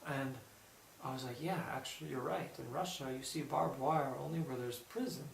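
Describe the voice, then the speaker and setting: Gravelly man telling a story from across a room. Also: mid-range voice, moderate pace. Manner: animated storytelling, quoting others in lively bursts. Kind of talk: casual spoken anecdote. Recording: roomy echo, distant mic, faint background hum.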